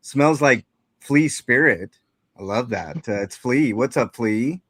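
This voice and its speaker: A man hosts a loose, chatty livestream, greeting people in chat and drifting through half-finished thoughts full of fillers. His voice sits at an ordinary middle pitch. The sound is dry and close, with no room echo. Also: lively intonation, slow pace, a bit bright, slightly rough. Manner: rambling, lots of fillers and restarts. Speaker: livestream host. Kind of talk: casual live chat.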